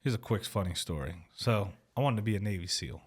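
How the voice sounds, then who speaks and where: A man's voice: on the low side, animated, fairly quick, husky. A young man hosting a casual podcast chat, laid-back and swearing freely as he tells a story.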